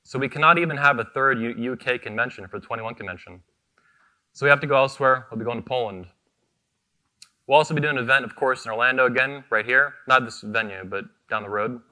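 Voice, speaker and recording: A fast-talking man with a bright, forceful mid-range voice gives the keynote at a convention he founded. Into the stage microphone he is fiery, profane and combative, pounding the same short phrases.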